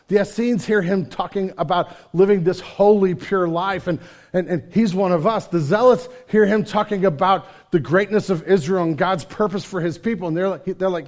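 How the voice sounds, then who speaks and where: A middle-aged man preaching a sermon as a pastor, in a conversational, animated way with quoted voices. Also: high-pitched, normal speed.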